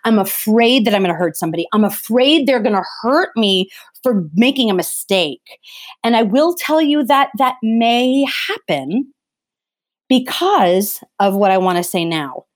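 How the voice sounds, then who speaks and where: A woman's voice: on the high side, animated, unhurried. A middle-aged woman talking earnestly in a conversation, emphatic and often restarting her phrases. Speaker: theatre vocal coach.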